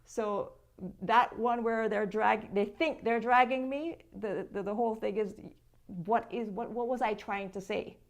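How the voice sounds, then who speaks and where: A woman's voice: fairly high pitch, measured pace. A woman with a Jamaican accent in casual, emphatic conversation, often restarting her words. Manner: emphatic, animated, repeats words when restarting. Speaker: content creator.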